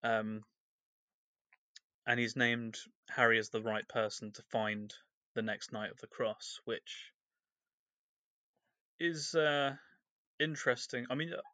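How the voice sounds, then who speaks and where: Co-hosting a casual book-discussion podcast, this man rambles through a recap of a novel's chapters with lots of fillers. His medium-pitched voice sounds pushed and bright, with a steady tone and a slow pace broken by frequent pauses. There's no echo.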